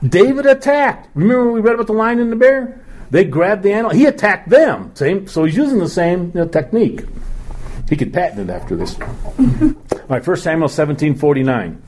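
A man's voice: sits high, sing-song, fairly quick, a little mellow, slight background noise. Joking man teaching the Bible. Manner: chatty, joking, laughing.

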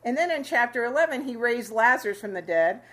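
A woman casually teaching a Bible passage to a small fellowship group, chatty and quick to laugh with them. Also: fairly high pitch, lively intonation, a bit bright. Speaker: Bible study leader.

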